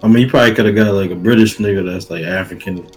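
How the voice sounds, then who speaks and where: Low-ish dude rambling on a podcast, slangy and cussing, bit of music behind. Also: male voice, very fast. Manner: slangy, profane, rambling with many fillers. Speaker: podcast co-host. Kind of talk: casual chat.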